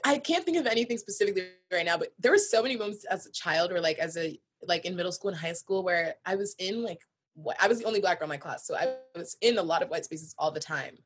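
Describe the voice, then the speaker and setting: A woman's voice: lowish voice, quick pace. A young woman co-hosting a podcast, chatting casually and thinking aloud as she talks. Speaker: podcast co-host. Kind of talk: casual chat.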